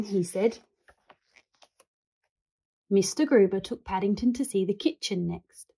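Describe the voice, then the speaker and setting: A woman reading a children's picture book aloud, with calm, clear storytelling. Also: medium pitch, a little slow, long pauses. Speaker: read-aloud host.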